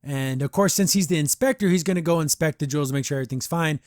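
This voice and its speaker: A man hosting a podcast, reviewing a cartoon episode in an animated, excitable way with many restarts. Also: a little high, very fast, dry recording, studio quality. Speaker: podcast host. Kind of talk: casual episode review chat.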